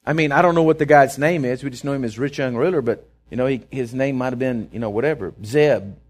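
A man's voice: medium pitch, fast. A middle-aged man, a pastor preaching a sermon in a folksy, conversational way that swells into fervent emphasis. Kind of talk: sermon with storytelling.

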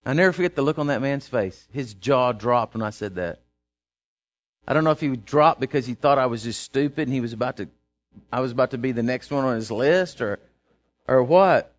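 A man's voice: medium pitch, expressive, brisk. A man preaching a sermon, telling a story and building to emphatic, repeated phrases. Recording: dull lo-fi sound.

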